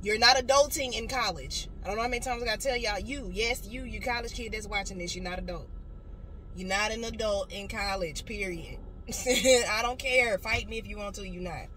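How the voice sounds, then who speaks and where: A woman's voice: medium pitch, fairly quick, poor audio. A woman in her late twenties, a motivational speaker, telling a blunt and profane story in a casual car vlog. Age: late 20s. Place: inside a car. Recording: loud car noise behind. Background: car noise.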